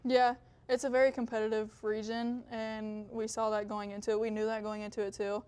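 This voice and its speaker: A young woman from Iowa, a college volleyball player, giving brief soft-spoken interview answers with lots of "like". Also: a little high, little pitch movement, brisk, clear, resonant tone. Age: young adult.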